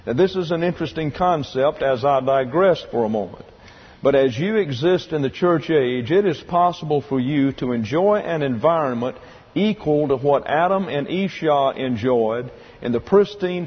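A man teaching a Bible sermon, reading quotes aloud and spelling words out slowly. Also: mid-range voice, animated, slightly rough. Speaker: pastor. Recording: lo-fi hall recording with long reverb.

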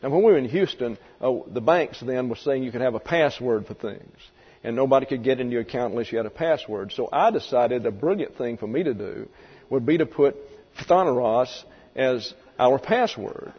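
Husky male Bible teacher, echoing hall. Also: mid-range voice, expressive. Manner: halting, restarts, folksy asides. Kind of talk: verse-by-verse Bible lesson. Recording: dull lo-fi recording in a reverberant hall.

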